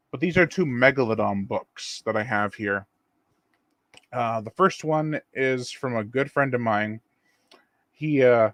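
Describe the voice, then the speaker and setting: A man's voice: lowish voice, no echo. Casual man hosting a dry live stream. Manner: rambling and relaxed, reads viewer comments aloud. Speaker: channel host.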